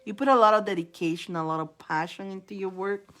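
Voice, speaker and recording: A woman hosts a live-stream tarot reading in a mid-pitched voice. She talks in a chatty way, calls out names over and over, and laughs often between readings. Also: quick pace, a bit bright. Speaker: tarot reader.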